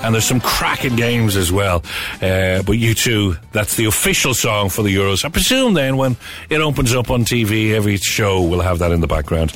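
A man's voice: lowish voice, expressive, moderate pace, fairly bright tone. A man presenting a radio show in a chatty manner, with wry asides. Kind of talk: casual radio chat.

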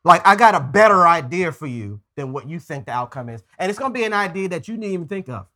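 A man's voice: fairly high pitch, lively intonation, quick pace, pushed and bright. A man preaching a conversational sermon as pastor, earnest, often stumbling and repeating words as he goes.

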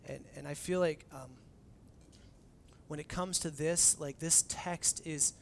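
Animated high-voiced man preaching. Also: takes it slowly, vocal fry, a little hiss or hum. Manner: animated, conversational, acts out quoted dialogue. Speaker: pastor. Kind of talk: sermon.

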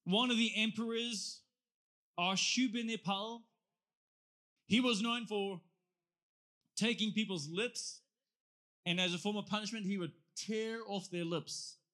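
A man preaching a sermon in a lively, conversational way, often asking his listeners questions. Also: high-pitched, unhurried, pauses often.

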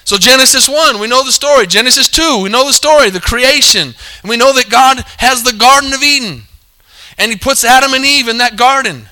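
High, very bright-voiced preacher man. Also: brisk. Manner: calls for amens, repeats points, corrects himself mid-sentence. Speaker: pastor. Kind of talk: sermon.

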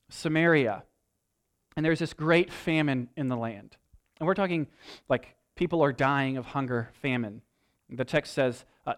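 A man preaching a sermon, retelling a scripture story in an animated, storytelling way, building to emphatic peaks. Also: medium pitch. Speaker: pastor.

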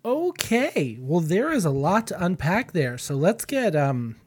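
A man's voice: high voice, unhurried, husky. A man hosting a podcast and casually reacting to an old recording with a laugh. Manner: laughing, relaxed, reflective. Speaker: podcast host.

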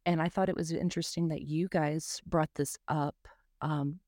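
A woman's voice: deep voice, steady tone, moderate pace, darkish tone, dry recording, clean studio sound. A woman from North Carolina hosting a podcast interview, talking casually with a lot of fillers. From Charlotte, North Carolina. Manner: chatty, many fillers and hedges. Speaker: podcast host.

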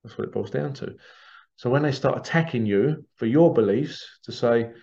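A man's voice: mid-range voice, normal speed, vocal fry, mellow, muffled recording. A man hosting a spiritual podcast, talking in a rambling, opinionated way and acting out quoted people. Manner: rambling, opinionated, acts out quotes in little voices. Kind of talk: casual monologue.

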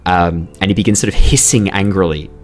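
A man's voice: deep voice, a little fast. A man running a tabletop role-playing game as game master, good-humoured and apologetic.

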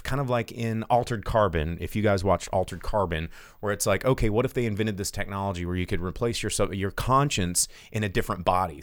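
Low-voiced man rambling through a movie recap. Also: no echo, studio quality. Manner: rambling, profane, lots of fillers. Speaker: podcast host. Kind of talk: casual live movie-recap chat. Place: home studio.

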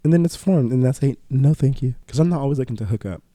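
A man co-hosting a casual podcast chat, blunt and profane with a deadpan edge. His voice is dark and mellow, and it sits close and dry on the mic. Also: mid-range voice, fast talker, no echo. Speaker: podcast co-host.

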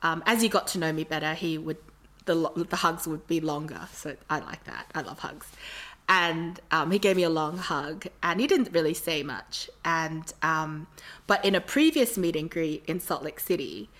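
A woman's voice: deep voice, normal speed, a bit bright. A woman from Australia, telling a long rambling story in casual chat with lots of fillers.

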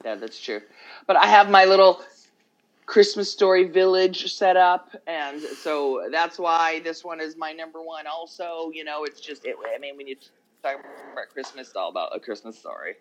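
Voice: medium pitch, animated, moderate pace, lo-fi sound. A podcast co-host in casual chat, swearing freely and trailing off mid-thought.

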